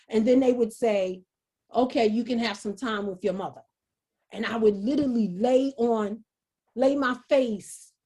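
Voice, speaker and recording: A woman speaks over a video call in an earnest, halting way, often starting over and repeating herself. Her voice sits a bit high and sounds husky. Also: warm tone. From New York, USA. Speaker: guest speaker. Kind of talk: emotional personal testimony.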